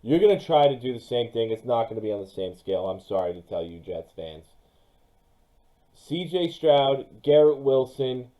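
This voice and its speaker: A young man giving casual, excitable commentary on his own football mock draft, speaking straight to his viewers. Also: medium pitch, normal speed, low-quality recording. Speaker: sports YouTuber.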